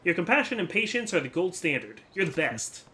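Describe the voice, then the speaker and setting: A man's voice: sits high, sing-song, fairly quick, pushed and bright, pitched above the performer's own voice, exaggerated voice. A man voicing a sweet, gushing young woman who works the desk at a telephone club.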